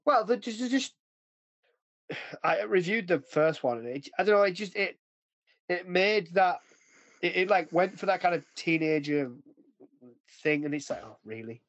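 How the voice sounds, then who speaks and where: A man's voice: sits high, a little slow, pauses often, a bit bright, no echo. A man hosting a podcast in casual chat, rambling, often losing his train of thought and laughing. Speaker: podcast host.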